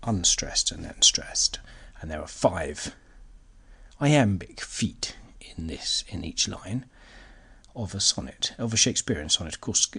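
Guy podcasting solo, lots of ums, bright but husky voice. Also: deep voice, expressive, in a whisper. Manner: hesitant, halting, many fillers and restarts. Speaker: podcast host. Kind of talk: solo educational podcast talk. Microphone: laptop recording.

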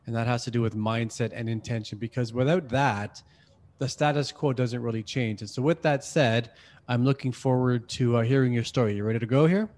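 A man's voice: medium pitch, fairly quick, a little mellow. A man from Canada hosting a podcast interview, friendly and chatty, often saying "hey, listen" and "man". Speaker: podcast host.

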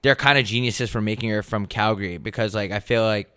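A young man co-hosts a relaxed podcast chat, his voice bright and crisp. He rambles through fillers and swearing with easy energy. The sound is dry and close. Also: lowish voice, brisk, no echo. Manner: laid-back, filler-heavy, swears a lot. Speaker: podcast co-host. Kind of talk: casual chat.

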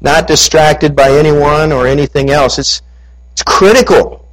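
A man preaching a sermon, retelling a scripture story and reading passages aloud with lively emphasis. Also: on the high side, unhurried, rough recording.

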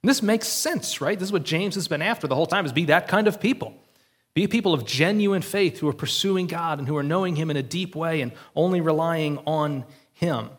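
A man's voice: on the high side, fairly quick, slightly rough. A male pastor giving an earnest, conversational sermon and often checking in with the congregation.

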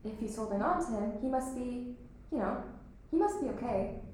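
A woman's voice: on the high side, expressive, moderate pace, a little mellow, slight background noise, natural voice. A woman as Jen, defensive teen girl. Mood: earnest. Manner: defensive, insistent. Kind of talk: stage play acting. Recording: very echoey hall.

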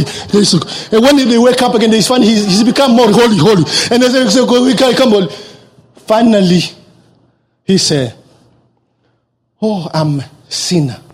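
A man from Africa preaching a sermon as a lively storyteller who repeats words for emphasis. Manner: animated storytelling with repeated words and sudden leaps in pitch.

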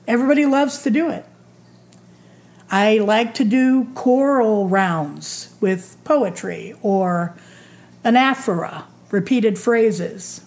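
A woman in her sixties, a retired teacher, giving a reflective talk in a thoughtful, drawn-out way. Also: medium pitch, a little mellow. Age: 60s. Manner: slow, thoughtful, drawn-out phrasing.

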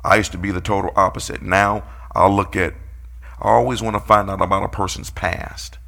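A man's voice: low voice, fairly even intonation, fairly quick, creaky, bright, forceful tone. A man preaching a sermon, playfully calling out his congregation and acting out quotes.

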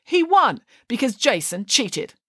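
A woman reading aloud, voicing a clever schoolgirl detective who speaks calmly and bluntly. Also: a little high, measured pace, breathy edge, no room sound, studio quality, pitched above the performer's own voice, full character voice. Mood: matter-of-fact. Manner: calm, matter-of-fact, blunt.

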